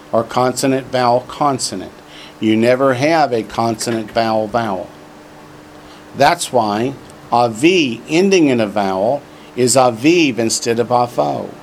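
A man with a mid-range voice teaches a Hebrew class, drilling word forms slowly and drawing them out for students to repeat. He drops in joking asides, and there's slight background noise.

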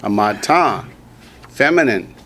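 A man with a Southern US accent teaching a language class in a classroom, drilling students slowly and patiently. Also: on the low side, expressive, bright, forceful tone, a little hiss or hum. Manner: slow, patient drilling with repetition. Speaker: Hebrew teacher.

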